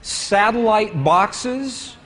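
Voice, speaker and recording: A man's voice: sits high, animated, very slow, fairly bright tone. A man giving a storytelling lecture with slides to an audience, asking them questions as he goes.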